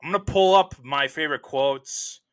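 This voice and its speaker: A young adult man hosting a casual film review, talking in a relaxed, rambling way with many fillers. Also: a little high, normal speed, smooth.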